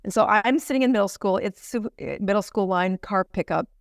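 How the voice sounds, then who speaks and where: A middle-aged woman, a physician and podcast guest, telling stories in an animated way and laughing often. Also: mid-range voice, a little fast, no room sound, studio quality. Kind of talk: storytelling in a podcast interview.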